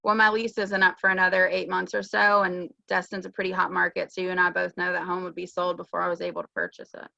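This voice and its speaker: Sarcastic woman with a gravelly voice. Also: on the low side, level tone, fast talker, hardly any pauses, pushed and bright, no room sound, dull audio. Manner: dry, sarcastic. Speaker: real estate agent in training, playing a buyer. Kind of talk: sales call role-play on a video call. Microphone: video call.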